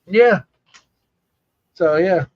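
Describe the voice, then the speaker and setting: A middle-aged man co-hosting a casual chat, talking in halting, rambling bursts with many restarts. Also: high-pitched. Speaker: co-host. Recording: muffled lo-fi audio.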